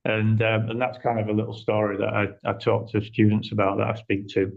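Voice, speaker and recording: A man from England, a guest in an interview, telling anecdotes in an animated, conversational way. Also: lowish voice, brisk, creaky. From northern England. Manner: animated, acts out quoted dialogue. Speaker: interview guest, agency owner. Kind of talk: conversational storytelling. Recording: slightly muffled audio.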